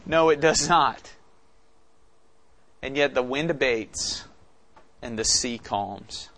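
A man's voice: medium pitch, slow, a bit bright. A man preaching an expository sermon, teaching conversationally and asking questions of the congregation. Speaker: pastor.

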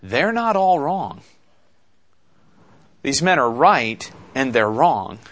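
A man preaching an expository sermon, slow and deliberate, with dramatic pauses and rhetorical questions. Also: medium pitch, sing-song, fairly bright tone. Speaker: pastor.

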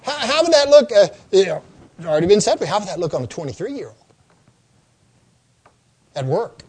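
An older man preaching a sermon, telling folksy stories and stressing points through slow, repeated lists. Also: sits high, sing-song, darkish tone, breathy edge. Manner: folksy storytelling, slow emphatic lists and repetitions. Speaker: pastor.

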